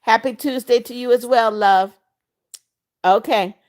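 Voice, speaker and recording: A woman in her seventies hosts a casual livestream with a somewhat high-pitched voice. She greets her viewers by name and blesses them, speaking in a blunt, motherly way. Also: a little slow, darkish tone. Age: 70s. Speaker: livestream host. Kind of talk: casual livestream chat reading viewer comments.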